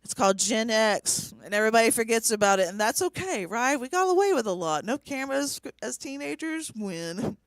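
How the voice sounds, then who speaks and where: A woman in her forties tells stand-up stories with a smooth, clear voice. Her delivery is conversational, landing dry punchlines, and the handheld stage mic sounds close and dry, with little room around it. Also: a little high, animated, brisk, hardly any pauses, dry recording. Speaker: stand-up comedian. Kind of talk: stand-up set. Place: small comedy venue.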